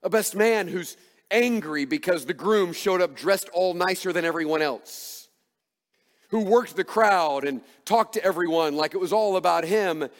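A male pastor preaching a sermon, emphatic and full of rhetorical questions, swinging between hushed and loud delivery. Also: high-pitched, a little slow. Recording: long hall reverb.

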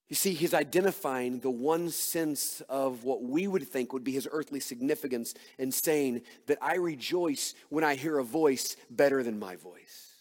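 A male pastor preaching a sermon, emphatic and full of rhetorical questions, swinging between hushed and loud delivery. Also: mid-range voice, normal speed, hardly any pauses. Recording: long hall reverb.

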